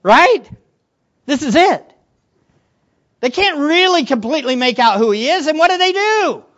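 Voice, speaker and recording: A man preaching a sermon as pastor, animated, swinging between quiet asides and loud emphatic lines. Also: extremely high pitch, measured pace. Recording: dull lo-fi recording.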